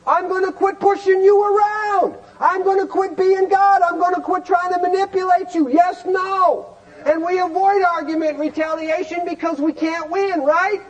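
A man's voice: very high-pitched, fairly even intonation, normal speed, muffled recording. A man teaching a recovery group in a folksy, emphatic way, peppered with rhetorical questions. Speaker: recovery meeting speaker. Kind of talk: animated teaching talk.

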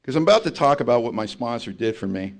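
A man sharing his recovery story at a meeting, blunt and confessional, telling it with animated storytelling and acting out the voices he quotes. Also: mid-range voice, fast talker, gravelly. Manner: blunt, confessional and self-mocking. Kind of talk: personal testimony talk to a recovery meeting.

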